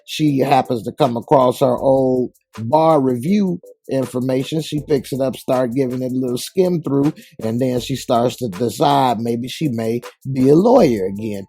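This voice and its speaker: A man casually walks through a TV episode scene by scene, dropping into slang and acting out the characters' lines. His voice is dark, gravelly and husky, and faint music plays underneath. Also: mid-range voice. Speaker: TV show reviewer.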